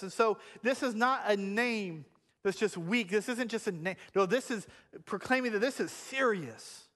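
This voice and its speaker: A man in his thirties preaching a sermon in a church, animated and shifting between hushed and loud delivery. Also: high voice, unhurried, long reverb tail. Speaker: pastor. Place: church sanctuary.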